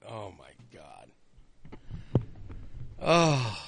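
A man's voice: medium pitch, takes it slowly, pauses often, a bit bright, no room sound. A man hosting a talk show, delivering an opinionated monologue in a ranting, sarcastic, exasperated way into a studio microphone.

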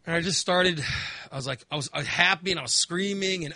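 Bright, animated middle-aged man chatting. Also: a little high, fast, no echo. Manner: animated storyteller, acts out his own reactions. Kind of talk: casual chat.

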